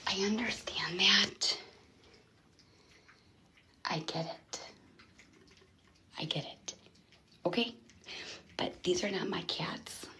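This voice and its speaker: A woman's voice: mid-range voice, takes it slowly, pauses often, bright, forceful tone. A woman vlogging casually, often dropping to a whisper and cooing to cats in a sing-song voice. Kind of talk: casual vlog talk. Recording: noisy amateur recording.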